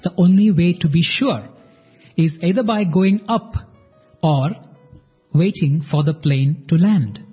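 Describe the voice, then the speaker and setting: A man with a husky, slightly high voice hosts a devotional program, telling stories earnestly and speaking directly to his listeners. The recording is somewhat muffled, with soft music underneath. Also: a little slow, pauses often, big-room sound. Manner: earnest storytelling, addresses listeners. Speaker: podcast host. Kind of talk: devotional narration.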